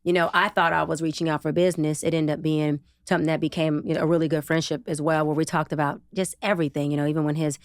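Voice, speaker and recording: A woman guest on a podcast, a psychologist and TV producer, telling a personal story in a casual, expressive way with slang. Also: quick pace, hardly any pauses, no room sound. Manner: expressive, casual and slangy, acts out quotes with big pitch jumps. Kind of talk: animated personal storytelling in an interview.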